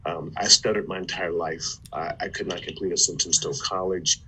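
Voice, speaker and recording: A man from Ohio, a former football player turned motivational speaker, telling his life story in an animated way with stammered restarts. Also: low voice, normal speed, slightly rough, poor audio. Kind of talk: conversational storytelling.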